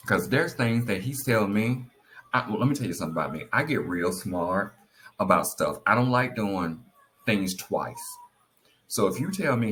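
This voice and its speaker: A man's voice: normal speed, slight background noise. A man giving casual, heartfelt marriage advice, telling stories animatedly and encouraging his listeners. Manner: animated storyteller, acts out quotes in a high voice; earnest, encouraging.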